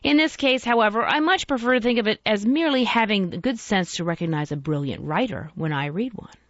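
Brief: woman as a composed Victorian gentleman, even and persuasive, lively pitch, muffled lo-fi sound. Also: a little fast, no room sound. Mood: gently probing.

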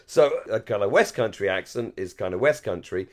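An English man with a posh received pronunciation accent and a fairly low voice. He talks with eager enthusiasm, stumbling through restarts and "you know"s as he chats on a fan podcast. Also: lively intonation. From England, Surrey-Hampshire border. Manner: chatty, enthusiastic, frequent restarts and fillers, quick to laugh. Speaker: podcast co-host. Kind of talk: casual chat.

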